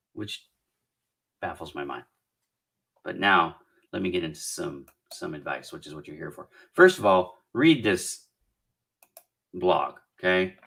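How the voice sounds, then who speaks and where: Gravelly, slightly low, and bright with a forceful edge, the voice belongs to a middle-aged career coach from Southern California. He runs a casual live job-hunting Q&A, thinking out loud and offering encouragement as he goes through viewer comments.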